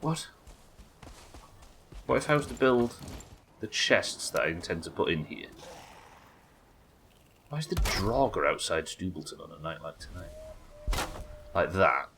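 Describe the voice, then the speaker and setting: A man's voice: sits low, lively intonation, unhurried, long pauses, fairly bright tone, a little hiss or hum. A British man giving casual, chatty, sweary commentary while he plays and builds in a game. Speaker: game streamer. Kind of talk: casual let's-play commentary.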